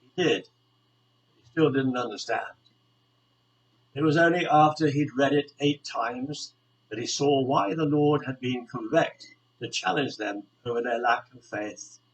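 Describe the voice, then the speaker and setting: A man at middle pitch gives a devotional reflection for a church podcast. His delivery is calm, measured and earnest, the steady pace of someone reading prepared words aloud. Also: poor audio. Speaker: church community member.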